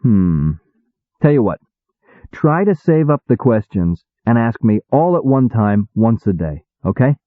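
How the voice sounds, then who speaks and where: A man's voice: mid-range voice, sing-song, a little slow, no room sound. A man voicing an impatient, wisecracking male demon who talks bluntly in slang, on a tinny recording. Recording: tinny phone-like dry sound.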